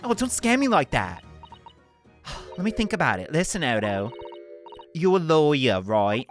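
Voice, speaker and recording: A man's voice: a little high, very animated, a little slow, soft background music. A man voicing a cheeky, tough young woman who talks in bossy street slang. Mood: sulky. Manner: slangy, scolding, drops grammar. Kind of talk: game voice-acting in a let's play.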